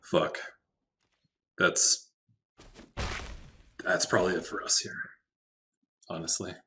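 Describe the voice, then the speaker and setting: Guy playing a card game and talking thru it slow, lowish voice, laughs and cusses a lot. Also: completely flat delivery, sharp tone, slight background noise. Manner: thinks aloud with frequent laughs and swearing. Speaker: Magic Arena drafter, channel host. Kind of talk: casual gameplay commentary.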